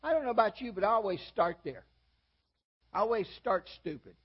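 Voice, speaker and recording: An older male preacher with a high, husky voice delivers a folksy, self-deprecating sermon. He builds to sudden emphatic peaks, and the recording sounds dull and lo-fi. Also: very animated, a little fast. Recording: dull lo-fi audio.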